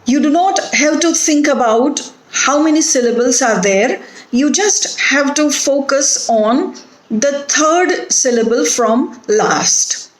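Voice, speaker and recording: A woman with an Indian English accent giving a recorded phonetics lecture, speaking deliberately and spelling out letters one by one. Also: sits high, animated. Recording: echoey room.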